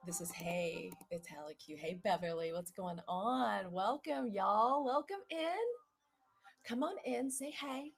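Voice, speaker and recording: A woman's voice: mid-range voice, a little slow, creaky, faint music behind. A woman hosting a casual live stream from home. She talks to her viewers and greets them by name, with lots of "y'all". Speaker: podcast host. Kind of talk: casual livestream chat.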